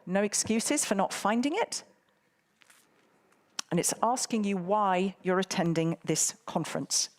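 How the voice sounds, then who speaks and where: A woman's voice: mid-range voice, expressive, a little slow, pauses often. Playful woman moderating a conference. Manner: playful, teasing audience banter. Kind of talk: live event hosting.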